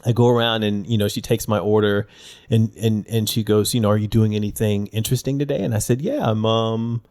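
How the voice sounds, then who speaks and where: A man's voice: fairly low pitch, fairly even intonation, a little fast, darkish tone. A man co-hosting a podcast, telling stories in casual chat with lots of fillers and restarts. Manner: storytelling, many fillers and restarts. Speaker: podcast co-host.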